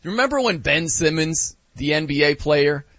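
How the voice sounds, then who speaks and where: Lively, high-pitched sports talk host. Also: male voice, normal speed, no room sound, lo-fi sound. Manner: animated, joking, emphatic.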